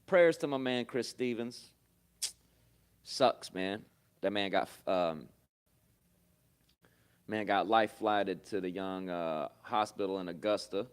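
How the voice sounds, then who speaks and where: A man hosting a podcast, telling stories in a loose, profane, animated way with frequent laughter. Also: lowish voice, takes it slowly, long pauses, smooth. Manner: loose, swearing, laughs often, animated bursts. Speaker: podcast host. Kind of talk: casual profane storytelling. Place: comedy club.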